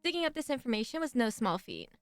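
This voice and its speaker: A woman's voice: high-pitched, big pitch swings, fast, no room sound. A woman voicing a bossy teenage girl class rep with an occult streak, reading game dialogue aloud in a put-on Valley Girl voice. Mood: earnest.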